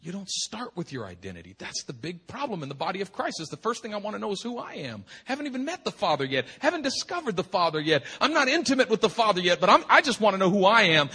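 A middle-aged male pastor preaching a sermon with impassioned emphasis, swinging from hushed tones to shouting and repeating words for effect. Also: high-pitched, big pitch swings, quick pace, few pauses, slightly rough. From United States.

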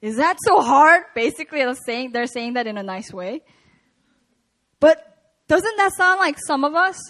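A woman preaching at a prayer meeting, reading scripture and retelling it in a casual, animated way. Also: high voice, moderate pace.

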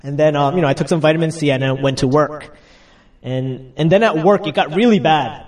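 Young guy preaching, kinda high voice, laughs a lot, mic a bit far off. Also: fairly quick, darkish tone. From United States. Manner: chatty, laughing asides, acts out quotes. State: getting over a cold. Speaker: pastor. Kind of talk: casual sermon.

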